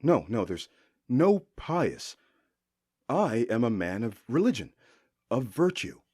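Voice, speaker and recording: A man voicing a sly male traveler who poses as a humble priest, talking smoothly and ingratiatingly in an audiobook. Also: medium pitch, very animated, takes it slowly, darkish tone, exaggerated voice.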